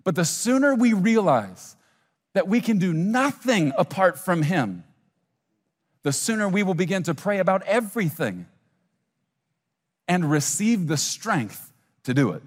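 A man's voice: high voice, very animated, a little slow, pauses often, in a large hall. A man preaching a sermon as a pastor, acting out imagined listeners and little scenes as he goes.

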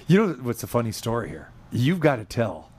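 A man hosting a relaxed sit-down interview, prompting his guest with dates and questions. He nudges the talk back on track in a plain, middle-pitched voice. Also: fairly quick. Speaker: interview host. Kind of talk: casual interview.

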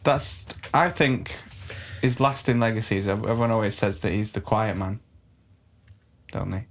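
A man doing a deadpan, mock-serious comedy chat, often hesitant and trailing off. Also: on the low side, normal speed.

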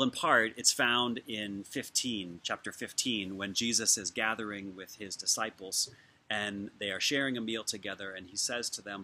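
A man, a pastor giving a sermon and reading scripture slowly and gently. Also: lowish voice. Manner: gentle, unhurried, reads scripture slowly and softly.

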